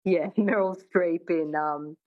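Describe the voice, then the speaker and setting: Hesitant, low-voiced woman accent coach. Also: steady tone, slow, narrow, tinny audio. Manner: hesitant, many "I mean" restarts, demonstrates sounds. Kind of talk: radio interview guest.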